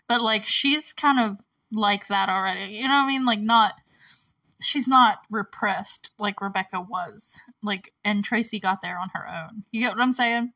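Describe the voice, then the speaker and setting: A woman's voice: medium pitch, sharp tone, poor audio. A woman hosting a casual movie recap, chatty and giggly, filling her talk with "like". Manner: chatty, giggly, heavy use of "like".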